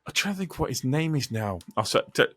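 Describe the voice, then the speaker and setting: A man co-hosting a podcast in excitable banter, often losing his train of thought and swearing. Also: medium pitch, quick pace, slightly rough, no room sound. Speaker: podcast co-host.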